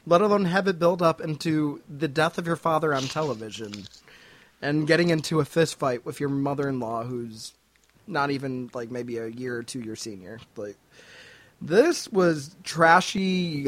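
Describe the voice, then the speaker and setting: A man co-hosts a casual podcast with wry, laid-back remarks. His voice sits at an ordinary pitch, and the recording is dry and close with no room sound. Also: moderate pace, dry recording. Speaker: podcast co-host. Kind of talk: casual chat.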